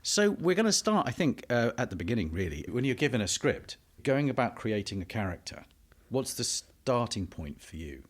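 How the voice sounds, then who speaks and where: A man hosting a conversational interview podcast, talking in a measured, dry, self-deprecating way. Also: mid-range voice, sing-song. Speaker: podcast host.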